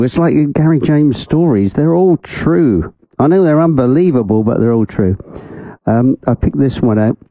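A man's voice: mid-range voice, mellow, breathy edge, no room sound, low-quality recording. A man hosting a radio show, chatting casually and rambling between records, amused by his own asides. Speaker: radio host.

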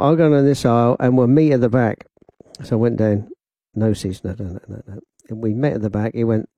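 A man's voice: medium pitch, mellow, dry recording. A man presenting a radio show from the studio, telling a rambling personal anecdote in a chatty way. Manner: chatty, rambling anecdotes with laughs and quoted voices. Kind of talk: casual radio storytelling. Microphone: studio microphone with headphones.

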